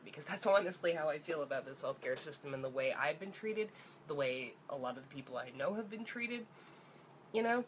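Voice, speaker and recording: A woman's voice: sits low, expressive, a little fast, a little hiss or hum. A young woman, ranting angrily and sarcastically in a vlog, swearing freely. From Canada. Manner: angry, profane, sarcastic. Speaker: vlogger.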